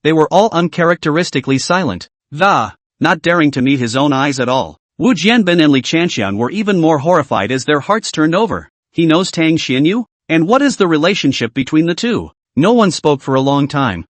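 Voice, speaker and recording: Man, story recap narrator, scripted narration, lively pitch, dry close recording. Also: dry recording.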